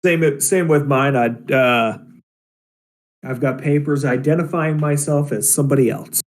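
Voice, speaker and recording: A man's voice: medium pitch, measured pace. A man playing a tabletop game, easygoing and chuckling, with hesitant restarts. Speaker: player. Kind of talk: casual tabletop play.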